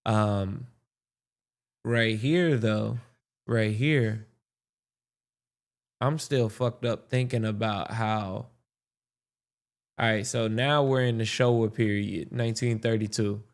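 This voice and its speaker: Slow, smooth-voiced animated male host. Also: lowish voice. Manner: animated, profane, thinks aloud with restarts. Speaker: podcast host reacting to a history video. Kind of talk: casual reaction commentary.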